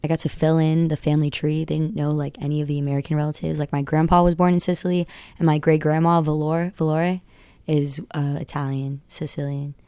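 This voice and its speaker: A young adult woman rapper talking as a radio guest, recounting stories in an excitable, tumbling way. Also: low-pitched, fairly quick, clear, resonant tone, dry recording. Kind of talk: animated storytelling interview. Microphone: studio radio mic.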